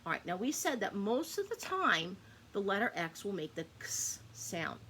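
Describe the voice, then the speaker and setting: A woman's voice: medium pitch, very animated, moderate pace, fairly bright tone, slight background noise. Patient woman teaching young kids phonics. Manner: patient, sounds out words for young children; asks questions and answers them herself. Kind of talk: children's phonics lesson.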